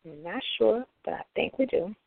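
A woman hosting a casual chat show, relaxed and teasing as she wraps up. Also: mid-range voice, moderate pace, creaky, no echo. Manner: relaxed, teasing, laughs easily. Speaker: host. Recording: tinny phone-like line.

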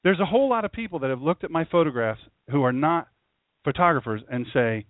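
A man's voice: on the high side, expressive, a little fast, no echo. Man preaching a folksy sermon. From Southern Delaware. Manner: folksy, repeats phrases, addresses listeners as folks. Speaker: pastor. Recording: tinny phone-like audio.

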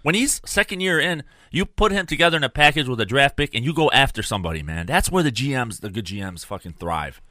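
Male co-host, swears constantly, rants with emphasis; bright, dry, close to mic. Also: medium pitch, animated, fast talker, few pauses, no echo. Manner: profane, emphatic, ranting. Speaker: podcast co-host. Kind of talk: casual sports chat.

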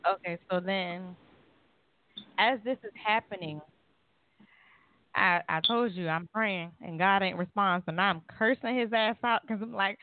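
A woman on a call-in talk show telling a personal story in an animated way, acting out the voices in it. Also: medium pitch, unhurried, long pauses, no room sound. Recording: phone-line call.

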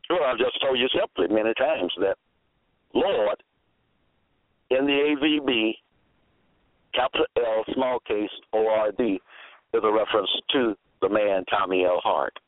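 Slow, tinny-sounding male preacher. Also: fairly low pitch, no echo. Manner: deliberate, spells words out, repeats phrases for emphasis. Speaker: religious preacher. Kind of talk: slow scripture-quoting sermon monologue. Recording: tinny phone-line audio, dry.

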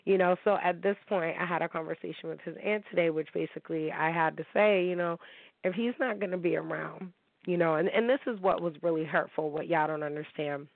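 A woman's voice: lowish voice, fairly quick, vocal fry, no room sound. A woman from upstate New York hosting her own talk show, telling her listeners about her divorce in a candid, heated way and often asking if they understand. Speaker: podcast host. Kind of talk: emotional personal monologue to listeners. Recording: thin phone-like dry recording.

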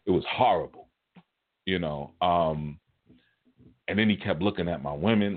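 A man teaching a spiritual class, telling stories in a casual, animated, colloquial way. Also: deep voice, fairly quick. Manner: animated, colloquial, chuckles mid-story. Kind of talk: casual storytelling lecture. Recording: phone-like narrow band audio.

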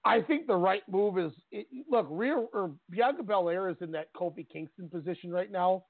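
A man's voice: high voice, normal speed, dry recording. A man co-hosting a sports radio show, giving strong opinions on wrestling and laughing easily. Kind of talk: casual wrestling talk. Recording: tinny phone-line sound.

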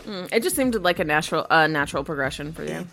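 A woman's voice: sits low, expressive, quick pace, vocal fry, a bit bright, faint music behind. An American woman in casual chat as a podcast guest, blunt and teasing and swearing freely. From United States.

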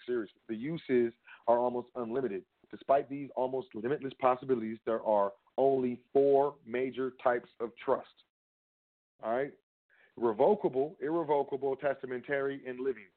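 A man giving a rambling, casual lecture, often asking and answering his own questions and talking straight to the listener. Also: mid-range voice. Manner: rambling, rhetorical, talks to the listener directly. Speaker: trust law educator. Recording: phone-like narrow audio.

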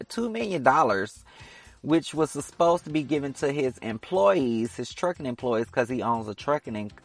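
A man hosting his own podcast in a casual, opinionated solo monologue, teasing that he will stir up controversy. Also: medium pitch. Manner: chatty and opinionated, teasing about stirring controversy. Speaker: podcast host.

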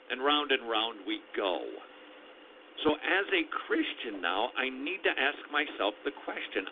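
A man hosting a radio talk show, thinking aloud and acting out imagined quotes. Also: medium pitch. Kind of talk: conversational radio commentary. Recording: tinny phone-like radio audio with faint noise.

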